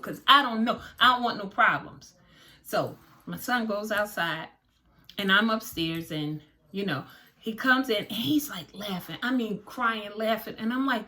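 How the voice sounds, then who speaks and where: Bright, animated woman telling a story. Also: fairly high pitch. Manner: animated, dramatic retelling with quoted dialogue. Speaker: storyteller vlogger. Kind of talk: casual storytelling to viewers.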